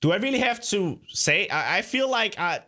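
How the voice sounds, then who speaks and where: A man's voice: high voice, very animated, moderate pace, sharp tone. A young man hosting a reaction video, talking back at a clip in an indignant, sarcastic way. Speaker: YouTuber host. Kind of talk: reaction commentary.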